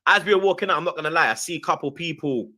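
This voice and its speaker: A young man with a London accent tells an animated story, full of slang, acting out the voices of the people in it. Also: on the high side, rapid-fire. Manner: lively, slang-heavy, acts out quoted voices. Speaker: guest.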